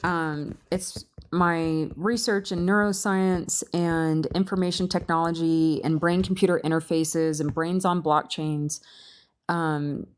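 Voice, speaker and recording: Woman, lower register, casual and animated presenter reading to a group. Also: slow pace. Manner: animated, rhetorical questions, frequent restarts. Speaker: presenter at a meeting.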